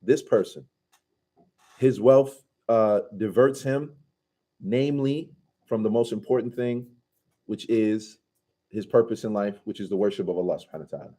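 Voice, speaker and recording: A man's voice: lowish voice, moderate pace, long pauses, mellow. A man teaching a conversational scripture commentary class, casually asking his students questions and reciting Arabic passages.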